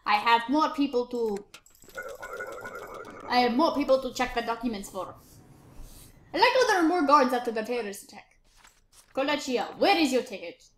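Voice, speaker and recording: A woman's voice: a little high, animated, moderate pace, pauses often. A woman giving casual game commentary while playing a bossy, impatient border inspector. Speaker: gamer narrating her play. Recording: roomy, faint noise.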